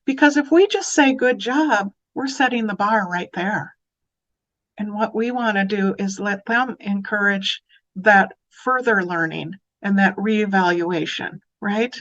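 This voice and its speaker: A woman speaking as an early childhood educator, giving an educational talk that turns animated when she acts out phrases to children. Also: mid-range voice, measured pace, lo-fi sound.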